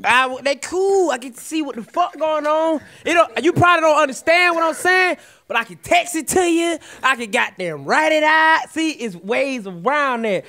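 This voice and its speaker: Comedian co-host, Southern man, high-pitched and sharp, yells then mutters. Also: moderate pace, few pauses. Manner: animated, swings between yelling and mumbling, profane. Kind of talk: loud comedic riffing.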